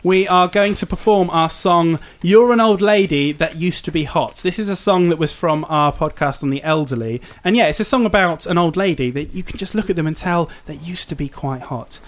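Brief: male podcast host, slightly higher voice, jokey and quick to laugh. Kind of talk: casual chat.

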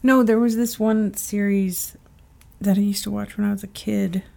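A woman's voice: medium pitch, steady tone, normal speed, creaky, mellow. A young woman co-hosting a podcast in casual chat, chatty and often trailing off while she searches for names. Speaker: podcast co-host.

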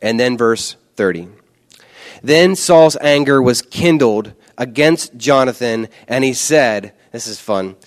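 A man's voice: mid-range voice, slow. A male pastor delivering a conversational, emphatic sermon and often repeating words for stress.

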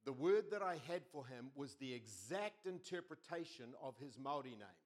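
A middle-aged man preaching a sermon as pastor, telling stories with lively quoted voices. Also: medium pitch, moderate pace. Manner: animated storytelling with quoted voices.

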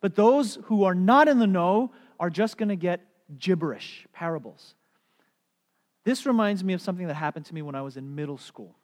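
A middle-aged man preaching a sermon as a pastor, telling stories in an animated way and putting on playful voices. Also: high-pitched, normal speed. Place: church sanctuary. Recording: long hall reverb.

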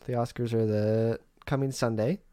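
A man's voice: mid-range voice, fairly even intonation, moderate pace, mellow, clean tone, no room sound, clean studio sound. A young man co-hosting a podcast, chatting casually and laughing often. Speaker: podcast co-host. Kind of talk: casual chat.

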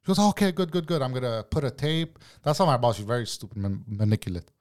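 A man's voice: mid-range voice, lively intonation, quick pace, a little mellow. A man in a casual podcast chat, swearing freely and acting out both sides of an argument. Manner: profane, heated storytelling. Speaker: guest telling a work story.

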